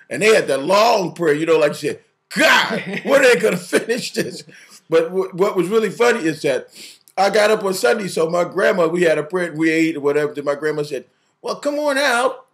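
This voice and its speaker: A man's voice: on the high side, quick pace. A man co-hosting a casual chat, talking animatedly, repeating words, acting out quotes and laughing often. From family from the Southern US. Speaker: podcast co-host.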